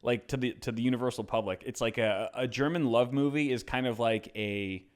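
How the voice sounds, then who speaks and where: A man's voice: medium pitch, fairly quick. A man co-hosting a podcast in casual chat, joking and riffing with a loose, playful manner. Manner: joking, riffs with silly voices, says "dude". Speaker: podcast co-host.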